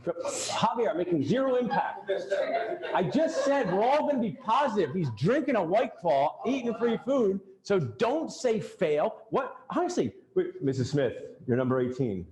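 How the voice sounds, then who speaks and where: Man, lively joking workshop coach, slightly high voice, roomy echo. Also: a little slow. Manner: animated, joking, talks straight at the audience. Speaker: dental practice coach leading a workshop. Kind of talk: live seminar talk to a group. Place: event room with attendees.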